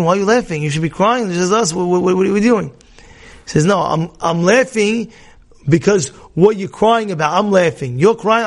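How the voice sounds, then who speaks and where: A man teaching a Torah class in a lively sermon style, repeating phrases and acting out people's thoughts. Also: fairly high pitch. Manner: animated, repeats phrases, acts out inner voices. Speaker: rabbi.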